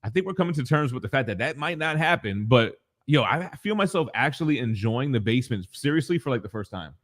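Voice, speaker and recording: A man's voice: mid-range voice, animated, quick pace. Slangy, hype man on a live stream. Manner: slangy, hype, swears freely; reads chat messages aloud. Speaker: co-host of a collectibles morning show. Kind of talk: casual live-stream chat. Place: home basement.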